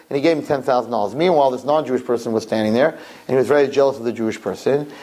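Guy preaching and telling stories, animated, says things twice. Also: medium pitch, racing, hardly any pauses. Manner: animated, repeats phrases. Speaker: religious storyteller. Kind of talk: sermon storytelling.

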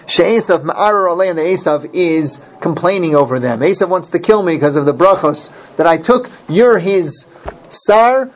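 Male Torah teacher, a bit high-pitched, explains verses and backtracks often; muffled lo-fi recording. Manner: explains Hebrew verses line by line, with restarts. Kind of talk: Torah class lecture. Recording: dull lo-fi recording.

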